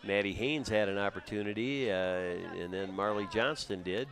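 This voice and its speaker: A man doing steady, conversational play-by-play for a high school soccer game outdoors. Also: moderate pace. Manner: steady, conversational, with frequent uh fillers. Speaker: play-by-play commentator. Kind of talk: live sports commentary. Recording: crowd noise in the background. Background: crowd noise.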